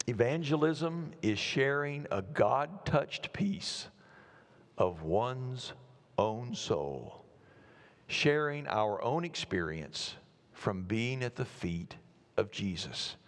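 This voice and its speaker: A man preaching a sermon, earnest, building to emphatic repeated phrases and then slowing to quiet, weighty words. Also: medium pitch, big pitch swings, in a large hall. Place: church sanctuary.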